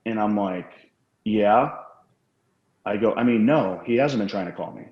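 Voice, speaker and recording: A man's voice: lowish voice, measured pace. A man telling rambling, profane anecdotes as a guest in a casual interview. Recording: roomy, dull lo-fi sound.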